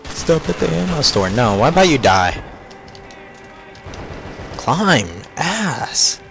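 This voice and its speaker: A man's voice: on the high side, very animated, takes it slowly, gravelly, a bit bright, faint music behind. A young man narrating his own online shooter matches, frustrated and swearing as he mocks other players. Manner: frustrated, swearing, mocking opponents. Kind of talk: live gameplay commentary. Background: game gunfire.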